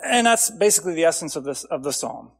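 A man preaching with a slightly higher voice than most, earnest and driving. He builds his phrases up loudly, then drops to a low, quiet close. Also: sing-song, quick pace, vocal fry, breathy edge. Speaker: pastor. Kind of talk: sermon.

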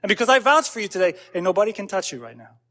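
A man's voice: sits high, sing-song, very fast, sharp tone, exaggerated voice. A man putting on an Italian-American mobster accent to impersonate a swaggering mob boss in a sermon. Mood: brash. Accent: Italian-American mobster, put on. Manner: brash, emphatic.

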